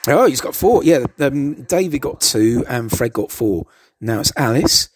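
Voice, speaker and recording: A man's voice: medium pitch, expressive, unhurried, husky. A man giving casual, hesitant commentary over an old TV show, stammering and adding chuckling asides.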